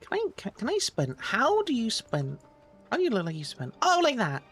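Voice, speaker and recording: A woman's voice: on the high side, huge pitch swings, moderate pace, faint music behind. A woman with a British accent streaming a game live, chatty and playful as she thanks viewers. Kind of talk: live game stream, reading dialogue aloud.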